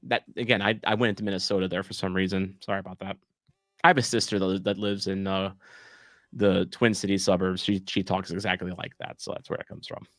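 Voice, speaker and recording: A man's voice: deep voice, flat delivery, fairly quick, fairly bright tone, no room sound. Rambling self-joking man on a dry mic. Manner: rambling, self-deprecating, many fillers and restarts. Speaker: streamer hosting a soccer watch-along. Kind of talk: casual live-stream chat reading comments.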